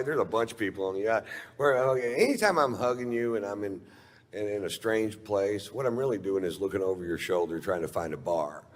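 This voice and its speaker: Deep-voiced, laid-back profane comedian. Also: male voice, brisk. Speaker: stand-up comedian. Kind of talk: stand-up storytelling. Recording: reverberant hall, faint noise.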